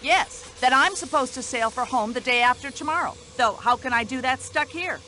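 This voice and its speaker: An actress voicing a brash, nosy older American widow in a video game, speaking in an indignant, chatty American accent. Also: female voice, high-pitched, normal speed, sharp tone, slight background noise.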